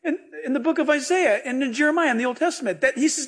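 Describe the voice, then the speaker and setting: A male pastor preaching a sermon, animated and joking as he retells scripture stories. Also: extremely high pitch, fast. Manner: animated, jokey, storytelling preacher.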